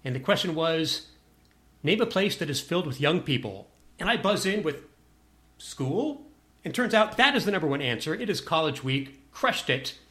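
A man's voice: a little high, very animated, normal speed, fairly bright tone. A man telling a personal anecdote to a listener in a wry, self-deprecating way.

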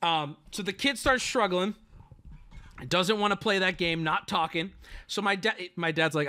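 A man's voice: high voice, a little slow, clear, resonant tone. A man telling a family story on his stream in a casual, profane, joking way. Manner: animated, profane, jokey.

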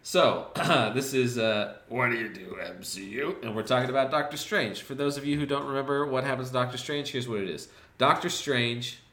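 A man co-hosting a podcast, casually recapping movies in a rambling, profane, deadpan jokey way with quick voiced asides. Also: mid-range voice, reverberant. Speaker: podcast co-host.

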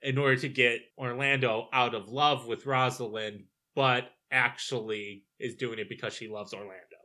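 A man's voice: mid-range voice, fairly even intonation, normal speed, pushed and bright. A young man co-hosting a casual film chat, recapping scenes in a dry, matter-of-fact way. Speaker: podcast co-host.

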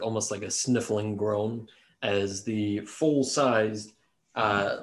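A man narrating a tabletop game as game master, casual and swearing freely. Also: fairly low pitch. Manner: casual, swearing, laughs easily.

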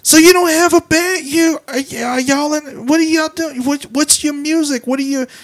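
A woman's voice: high-pitched, normal speed, slight background noise, pitched above the performer's own voice, natural voice. A man voicing a pushy drunk woman who keeps repeating herself with slurred, insistent questions. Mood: nagging.

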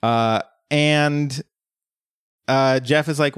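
Halting man from Colorado, dry mic. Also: medium pitch, expressive, fairly bright tone, no echo. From Colorado, USA. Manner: halting, filler-heavy, self-deprecating. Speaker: podcast co-host. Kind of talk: casual episode recap chat.

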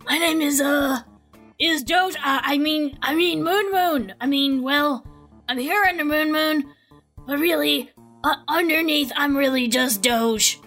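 A woman playing an eager bright-voiced dog. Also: high-pitched, measured pace, soft background music. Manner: rambling, hesitant. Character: eager small dog hunting treats, disguised.

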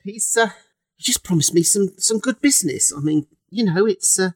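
A woman's voice: medium pitch, animated, normal speed, no room sound, studio quality, natural voice. A woman voicing a nervous male coffin maker with a British accent, stammering and hesitant.

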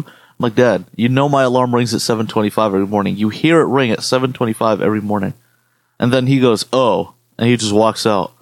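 A man's voice: medium pitch, fast talker, no echo. A man co-hosting a podcast, telling rambling stories in casual chat with lots of swearing. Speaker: podcast co-host.

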